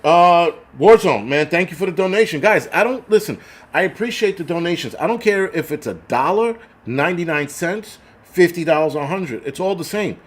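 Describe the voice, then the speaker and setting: A man's voice: on the high side, animated, moderate pace, husky. A man hosting a livestream, ranting bluntly with heavy swearing and many restarts while thanking viewers for donations. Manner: blunt, heavily profane, repetitive restarts. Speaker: livestream host.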